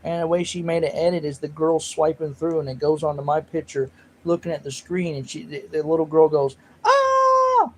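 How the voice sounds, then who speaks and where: A man talks loosely to his livestream audience, his voice sitting a little high for a man. He rambles, jokes at his own expense and answers the chat as he goes. A faint hiss sits under the recording. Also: level tone, brisk, warm tone, rough recording. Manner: rambling, self-mocking, reads chat aloud. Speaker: livestream host.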